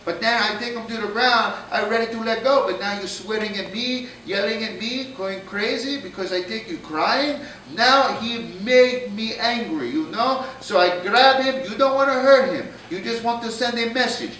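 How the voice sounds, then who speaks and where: A man's voice: high-pitched, moderate pace, hardly any pauses, pushed and bright, a little hiss or hum. A man playing a brash Brazilian jujitsu fighter with a Brazilian Portuguese accent who speaks broken English and tells boastful stories. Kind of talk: stand-up impression. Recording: echoey room from far off.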